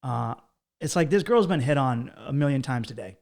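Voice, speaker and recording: A man hosting a podcast in relaxed conversation. He jokes around and speaks frankly about personal matters, with a voice of ordinary male pitch. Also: moderate pace, vocal fry. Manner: joking, frank banter. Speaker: podcast host. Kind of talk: casual chat.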